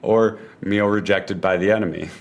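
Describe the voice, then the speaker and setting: Deep-voiced man, laughing casual chat. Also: fairly even intonation, moderate pace. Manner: jokey, laughs often.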